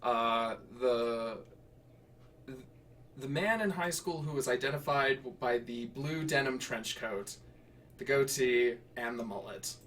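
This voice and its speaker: A man's voice: medium pitch, slow, fairly bright tone, distant mic, a little hiss or hum. A man streaming himself writing and reading flash fiction in a casual way, laughing and correcting himself with rambling asides.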